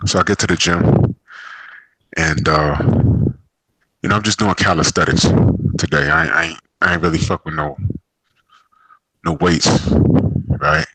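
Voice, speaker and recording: A man's voice: low-pitched, unhurried, gravelly, pauses often, sharp tone, a little hiss or hum, poor audio. A man hosting a casual group chat, telling long rambling stories full of swearing and fillers. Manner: profane rambling storyteller. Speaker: podcast host. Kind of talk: casual group chat about games and boxing.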